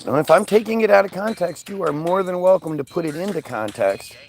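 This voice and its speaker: Male commentator, sarcastic, profane ranter, raspy fry in a slightly high voice. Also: expressive, fairly quick, a little mellow, slight background noise. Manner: angry, profane, sarcastic ranting; mocks others in put-on voices. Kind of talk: ranting commentary video.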